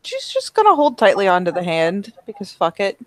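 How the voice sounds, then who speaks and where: A woman's voice: medium pitch, huge pitch swings, a little fast, no echo. A woman playing a tabletop game, describing her character's actions in third person. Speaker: player.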